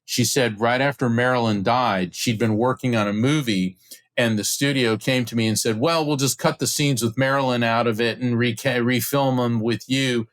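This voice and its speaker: Animated middle-aged man telling a story. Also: mid-range voice, moderate pace. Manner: acts out quoted voices, excited retelling. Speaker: podcast guest, psychic medium.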